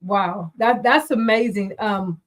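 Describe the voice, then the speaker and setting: Brief: woman host, unhurried questions, mid pitch, affirming. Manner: affirming listener, slow, deliberate questions. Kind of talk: interview host.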